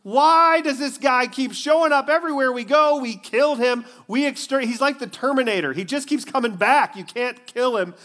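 A man's voice: very high-pitched, normal speed, hardly any pauses, fairly bright tone, voice pushed up. A man preaching who puts on the voice of scornful male religious leaders, mocking and bossy. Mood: exasperated.

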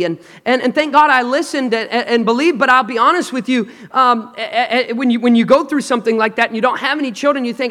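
A male pastor with a strikingly high voice delivers a sermon in a large auditorium. He moves between emphatic declarations and quiet, hushed lines, and invites the congregation to answer him. A long hall reverb trails after each phrase. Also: a little fast, few pauses. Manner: emphatic, dramatic swings between loud and hushed, call and response.

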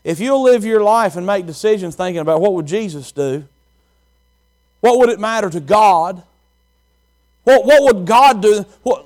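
A man's voice: high-pitched, expressive, moderate pace, long pauses, darkish tone. A man preaching a sermon as pastor, repeating phrases and asking the congregation questions.

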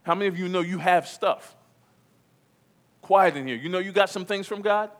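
A pastor with a high-pitched, fairly bright voice preaches to his church congregation at a moderate pace. It's emphatic preaching, full of repeated key phrases and questions aimed at the people in the room.

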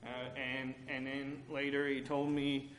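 A man's voice: mid-range voice, completely flat delivery, a little slow, fairly bright tone, slight background noise. A man preaching a sermon, earnest and candid, mixing scripture with personal family stories. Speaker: pastor. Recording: echoey room with faint ambience.

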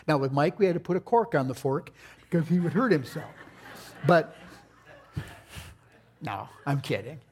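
Lively grandfatherly preacher, slightly high voice. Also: moderate pace, long pauses, husky. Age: older. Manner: animated, folksy storytelling with playful asides. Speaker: pastor. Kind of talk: sermon.

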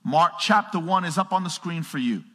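A man preaching a sermon to a congregation, calling out to the crowd and swinging from loud, fervent reading to hushed asides. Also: a little high, expressive, normal speed. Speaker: pastor. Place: church sanctuary. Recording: long reverb of a large hall.

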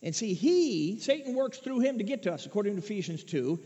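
A man preaching a sermon, swinging between hushed asides and loud shouted peaks. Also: high voice, very animated, a little fast. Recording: muffled echoey hall recording.

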